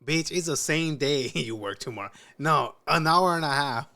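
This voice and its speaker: A man's voice: on the high side, moderate pace, pushed and bright. A man reacting to a story with slangy, exclamatory interjections. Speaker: reaction host. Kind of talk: reaction commentary.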